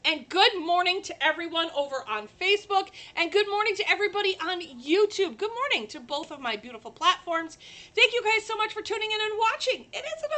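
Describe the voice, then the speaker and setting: A woman's voice: extremely high pitch, expressive, a little fast, pushed and bright. A woman hosting a chatty live crafting stream, bubbly and talking straight to her viewers.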